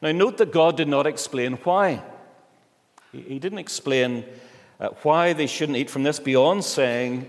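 A male pastor reading scripture and preaching a sermon in a church, measured with slow, emphatic pauses. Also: fairly high pitch, big-room sound.

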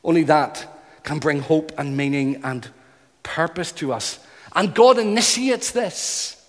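With a voice on the high side and a slow delivery, a man preaches earnestly, using repeated phrases to drive his points home with emphatic rhythm. The recording carries long hall reverb.

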